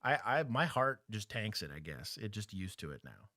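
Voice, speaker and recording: A man from Texas trading jokes on a livestream, laughing often. His voice is dry and close, with almost no room sound. He sounds animated and chatty. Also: on the low side, normal speed, no room sound. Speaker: podcast co-host. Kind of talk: casual livestream chat. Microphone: desktop streaming mic.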